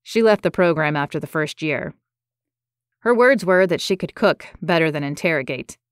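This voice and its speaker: A woman's voice: deep voice, animated, moderate pace, smooth, no echo, clean studio sound. A woman voicing a wry, laid-back adult male lawyer who speaks matter-of-factly. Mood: easygoing.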